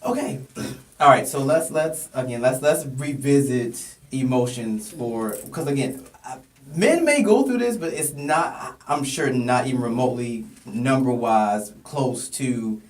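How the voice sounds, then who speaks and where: Halting male podcast host in an echoey room. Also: mid-range voice, lively intonation. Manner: halting, restarts his questions. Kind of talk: interview questions. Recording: roomy echo, voice far from the mic.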